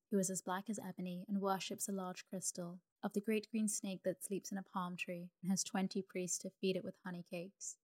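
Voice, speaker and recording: A woman narrating a sleep story in a calm, soothing reading. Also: fairly low pitch, no echo.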